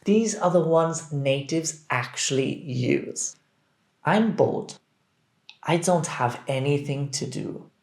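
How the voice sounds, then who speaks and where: A man teaching English, reading phrases deliberately and clearly so that learners can repeat them. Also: on the high side, a little mellow. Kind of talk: scripted language drill. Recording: roomy echo.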